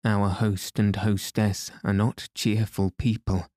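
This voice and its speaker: Man reading as a courteous English gentleman. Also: lowish voice, level tone, takes it slowly, no echo, studio quality. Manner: formal, old-fashioned courtesy.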